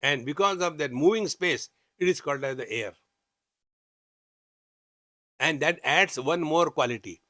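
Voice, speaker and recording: A man's voice: fairly high pitch, unhurried, long pauses, bright, forceful tone, no echo, studio quality. A man with an Indian English accent teaching scripture, chanting Sanskrit verses and explaining them with humor. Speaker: spiritual teacher. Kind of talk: scripture discourse.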